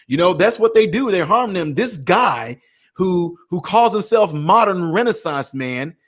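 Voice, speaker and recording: A man's voice: high-pitched, expressive, unhurried. A man playing a preachy male critic who mocks him, exaggerated and whiny, repeating himself. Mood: indignant.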